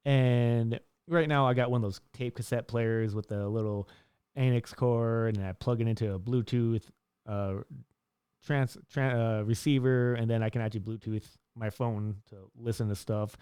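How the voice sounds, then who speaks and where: Clean-toned and dry, this studio-quality recording catches a young man speaking at a moderate pace. He's a vlogger giving life advice in a casual monologue to camera, rambling with fillers and restarts. As a lively storyteller he raises his pitch to act out dialogue.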